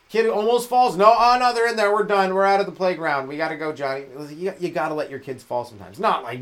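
Rambling man, stand-up comic. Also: medium pitch. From Canada. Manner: rambling, animated, jumps into loud voices for quoted people. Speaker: podcast host, stand-up comedian. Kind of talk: solo comedy podcast monologue.

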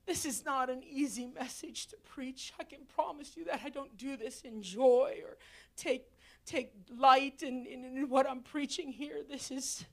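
Slow, deliberate and deeply emotional, a woman preacher makes an altar call in a church sanctuary. Her very high voice swings between tearful, nearly shouted pleading and quiet whispering.

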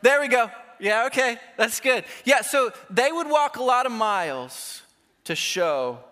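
A man's voice: very high-pitched, expressive, measured pace, bright, forceful tone, in a large hall. A man preaching a sermon as pastor, conversational and self-deprecating, with playful asides to the congregation.

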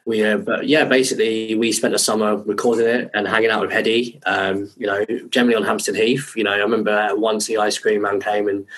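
A man's voice: fairly low pitch, flat delivery, brisk, few pauses, a bit bright, low-quality recording. Chatty man telling anecdotes. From England. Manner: rambling, swears freely, lots of fillers and "right?". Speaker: podcast guest. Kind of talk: casual anecdotal storytelling.

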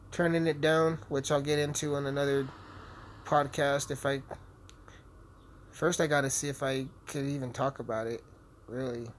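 A man's voice: medium pitch, a little hiss or hum. A young man hosting a podcast, rambling brashly and swearing constantly while he plays a game. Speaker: podcast host. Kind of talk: casual profane monologue while gaming.

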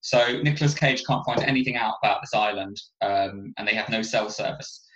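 Bright-voiced man chatting about a film. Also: lowish voice, fairly quick, echoey room, low-quality recording. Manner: rambling, many fillers and restarts. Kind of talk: casual film discussion.

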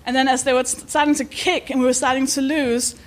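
A woman's voice: high-pitched, little pitch movement, fast. A woman hosting a live podcast before an audience, chatting, giggling and swearing as she mocks herself. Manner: giggly, swearing, self-mocking. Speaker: podcast host.

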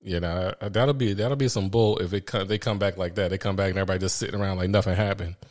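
A man hosting a casual podcast, relaxed and laid-back, who laughs easily. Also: low-pitched, fast. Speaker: podcast host. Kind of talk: casual chat.

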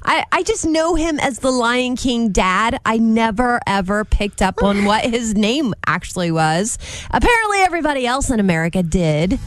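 A woman co-hosting a radio show, giggly and breathy in casual banter. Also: fairly high pitch, expressive, no room sound. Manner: giggly, breathy drawn-out delivery. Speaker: radio co-host.

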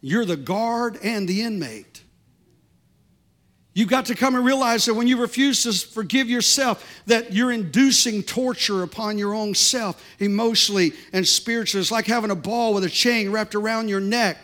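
A male pastor delivering a sermon with a high, bright voice. He preaches with growing fervor and stacks up repeated declarations. His tone rings forceful and ringing. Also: normal speed.

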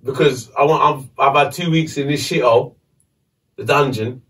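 A man, a podcast host telling a story casually, animated and swearing. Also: medium pitch, normal speed, recorded from a distance.

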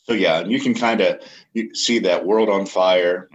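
Very deep-voiced casual man. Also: moderate pace, muffled recording. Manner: laid-back, swears freely. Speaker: podcast co-host. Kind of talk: casual music review chat.

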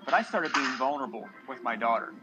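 A man's voice: mid-range voice, expressive, quick pace, dull audio. A man in his thirties, a single father on a podcast, talking earnestly and emotionally to other men. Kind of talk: casual podcast talk.

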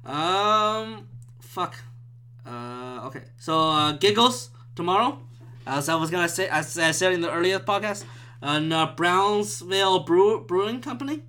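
Male podcast host, bright sharp tone, agitated and profane, loud bursts then mutters. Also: high voice, lively intonation, measured pace. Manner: agitated, profane, swings between loud outbursts and muttered whispers. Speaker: podcast host and stand-up comedian. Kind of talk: rambling solo podcast rant. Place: room at home with a window.

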